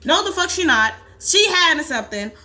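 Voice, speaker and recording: A woman commentating a game with loud, profane exclamations and reading its dialogue aloud. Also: very high voice, sing-song, normal speed. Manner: reads game dialogue aloud between reactions. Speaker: gaming commentator. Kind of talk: let's play commentary.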